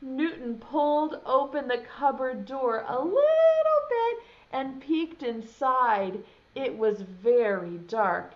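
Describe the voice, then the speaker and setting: Animated preschool teacher reading aloud. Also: female voice, sits high, slow. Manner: animated, asks children questions. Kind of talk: reading a picture book aloud to young children. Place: home, video lesson. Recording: dull lo-fi sound.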